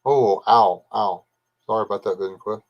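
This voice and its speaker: A man's voice: lowish voice, normal speed, dull audio. An older man, rambling casually as he hosts a livestream, greeting viewers by name and chatting about his family. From Texas. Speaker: livestream host. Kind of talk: casual live chat reading comments.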